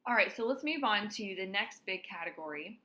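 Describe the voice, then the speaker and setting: A woman's voice: medium pitch, lively intonation, a little fast, pushed and bright. A woman writing instructor giving a recorded lecture, talking students through example sentences and checking in with frequent "all right".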